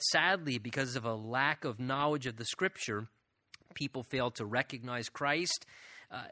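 A man's voice: mid-range voice, bright, forceful tone, dry recording, studio quality. A man preaching a sermon, teaching through Bible verses and reading them aloud with emphasis.

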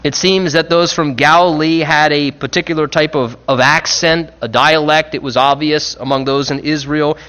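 A man preaching a sermon in an earnest, reflective way, pressing on key phrases and slowing them down. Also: fairly high pitch, fairly even intonation, bright, forceful tone, lo-fi sound.

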